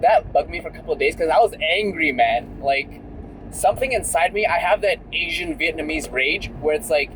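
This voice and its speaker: A man's voice: fairly high pitch, animated, a little fast, fairly bright tone, slight background noise, low-quality recording. Chatty young man vlogging from his car. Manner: chatty and candid, many fillers like "like" and "right?". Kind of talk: casual storytelling vlog. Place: in a car while driving.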